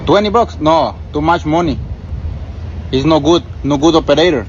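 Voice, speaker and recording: Man putting on a pushy bargaining guy, loud and dismissive, slightly high, dull lo-fi sound. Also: normal speed, a little hiss or hum, natural voice. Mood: haggling.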